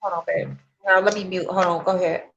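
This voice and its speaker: A woman's voice: fairly low pitch, level tone, fast talker, vocal fry. A woman hosting a casual livestream chat, encouraging and affectionate with her guest. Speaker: livestream host. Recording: echoey room, dull lo-fi sound.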